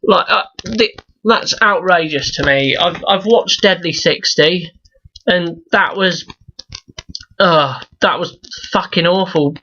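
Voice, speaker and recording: A man's voice: high-pitched, takes it slowly, bright, forceful tone, lo-fi sound. A young man ranting in a profane, rambling review vlog, exasperated and full of restarts. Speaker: YouTube reviewer.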